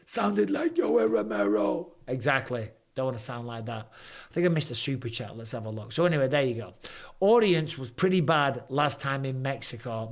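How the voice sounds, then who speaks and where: A man in his forties from England with an English accent, hosting a casual live-stream chat in a hoarse voice, telling stories animatedly with British slang. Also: fairly high pitch. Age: 40s. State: hoarse from throat trouble. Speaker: host.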